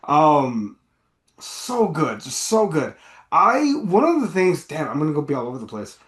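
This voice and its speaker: Animated, swearing podcast co-host, roomy sound. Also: male voice, a little high, a little slow. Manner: animated, profane, rambling. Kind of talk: casual movie review chat.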